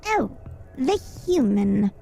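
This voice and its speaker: A pompous male rat voiced by a woman hands down clipped, flat verdicts in a haughty tone. The voice sits high, with a small lift of music behind it. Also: slow, vocal fry, exaggerated voice.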